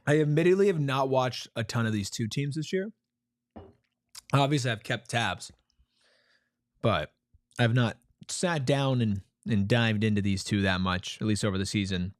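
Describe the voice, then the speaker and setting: A man co-hosting a live sports watch-along in casual chat, his pitch jumping up when he gets excited. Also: moderate pace, dry recording. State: chewing snacks while talking at times.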